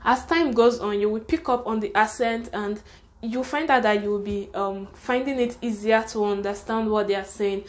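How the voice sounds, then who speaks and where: A young Nigerian woman with a Nigerian accent, talking fast and frankly in a casual storytime vlog, giving advice. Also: mid-range voice. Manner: chatty, fast, frank, with frequent laughter and "sha". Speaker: vlogger.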